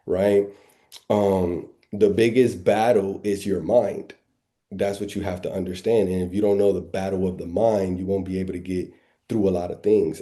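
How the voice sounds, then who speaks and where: A man's voice: on the low side, dark tone. A man co-hosting a live trading stream, talking in a preachy way and asking rhetorical questions that he answers himself. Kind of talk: preaching-style casual talk.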